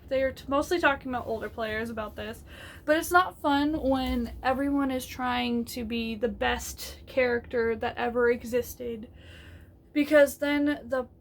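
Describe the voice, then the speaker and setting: A woman's voice: high-pitched, slight background noise. A woman giving casual, rambling advice on a tabletop game, with many fillers and restarts, laughing often.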